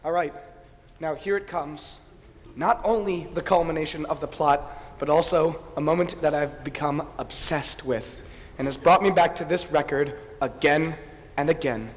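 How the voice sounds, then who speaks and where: A man's voice: fairly high pitch, normal speed, lightly acted. A man playing a wistful fan who talks the audience through a musical, in chatty, confiding asides on a stage. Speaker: narrator character commenting on a record. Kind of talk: amateur stage musical acting. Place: theatre stage. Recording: reverberant stage hall with faint noise.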